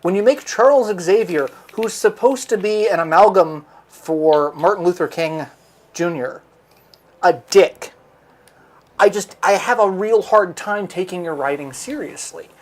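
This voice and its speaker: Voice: medium pitch, a little slow. A livestream host in casual chat, retelling comic book plots in a loose, rambling way with plenty of swearing. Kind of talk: casual chat while streaming a game.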